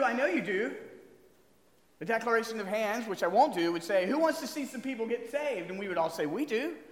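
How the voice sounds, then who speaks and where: A man preaching from the pulpit, keeping up a lively back-and-forth of questions with his congregation. His voice sits high and swings widely in pitch. The long reverb of a church hall trails each phrase. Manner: animated, asks the congregation questions. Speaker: pastor. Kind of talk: sermon.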